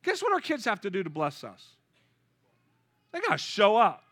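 A man in his fifties preaching a lively, joking sermon with call-and-response. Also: high voice, slow pace, long pauses. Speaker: pastor.

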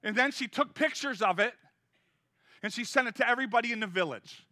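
A man delivers a sermon in a strikingly high, bright voice. He talks to the congregation casually and with energy, often urging them on. The sound is close and dry, with no room echo. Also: quick pace. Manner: energetic, conversational preaching that urges the crowd on. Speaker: pastor.

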